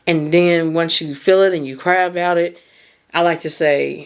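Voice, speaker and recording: A woman's voice: on the low side, fairly even intonation, normal speed, clear, resonant tone. Woman hosting her own podcast, chatty and real, cusses a bit, laughs at herself, asks you a bunch of questions. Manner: candid and conversational, swears freely, laughs at herself; asks the listener strings of reflective questions. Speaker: podcast host. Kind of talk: casual solo podcast talk on self-growth.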